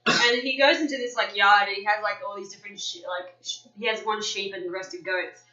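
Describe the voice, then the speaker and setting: A woman's voice: mid-range voice, steady tone, brisk, sharp tone. A woman hosting a casual podcast chat, swearing and laughing often. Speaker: podcast host. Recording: roomy, distant, dull lo-fi recording.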